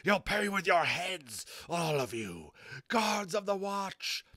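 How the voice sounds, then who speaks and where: A man's voice: high-pitched, big pitch swings, slow pace, fairly bright tone, no room sound, studio quality, voice pushed up, heavily acted. A man voicing a villainous male court magician, shrieking his orders in a mad rage. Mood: raging. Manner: shrieking, raging.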